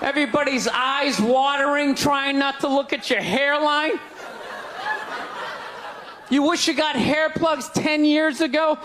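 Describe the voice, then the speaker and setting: A middle-aged man doing a stand-up set, ranting loudly and in exasperation to a live audience. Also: extremely high pitch, fairly even intonation, a little slow, pauses often. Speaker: stand-up comedian. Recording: live stage mic over crowd laughter and noise. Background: audience laughing.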